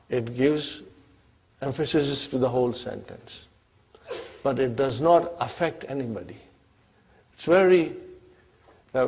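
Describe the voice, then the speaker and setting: A man teaching an Arabic grammar class, speaking slowly and deliberately and often checking that his listeners follow. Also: a little high, darkish tone. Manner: slow, deliberate, constantly checks on listeners with questions.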